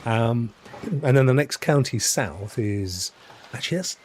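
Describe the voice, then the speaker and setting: An English man hosts a live game stream, rambling along and chuckling as he plays. His speech rises and falls in a lively way, with a faint hiss under it. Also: mid-range voice, measured pace. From England. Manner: chatty and rambling, chuckles often. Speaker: gaming streamer host. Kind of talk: live gameplay commentary.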